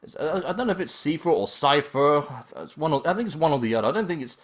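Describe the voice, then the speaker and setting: A man giving casual let's-play commentary, rambling and joking with himself. His pitch is lively and bounces around as he talks. He often stops and rephrases mid-thought. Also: fast talker. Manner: joking, rambling, self-correcting.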